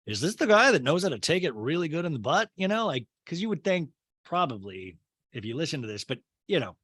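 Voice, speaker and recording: A man hosting a podcast, recapping a reality show in a chatty, sarcastic manner with quick asides. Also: medium pitch, a bit bright, dry recording, clean studio sound. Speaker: podcast host.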